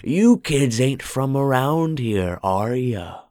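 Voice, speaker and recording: Brief: hoarse old backcountry storekeeper, slow eerie drawl, dry close sound, put on by a male narrator. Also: medium pitch, lively intonation, darkish tone, dry recording, voice pushed up. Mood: eerie, knowing. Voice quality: hoarse, drawling country speech.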